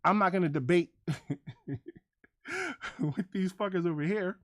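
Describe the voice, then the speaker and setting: A man's voice: sits high, measured pace, no room sound, clean studio sound. A man hosting a livestream, ranting to his chat in a combative, profane, repetitive way. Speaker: livestream host.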